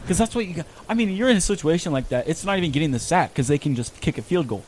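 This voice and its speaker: A young man chatting casually about sports, enthusiastic and quick to laugh. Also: on the high side, expressive, darkish tone, slight background noise. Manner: enthusiastic, laughing fan talk.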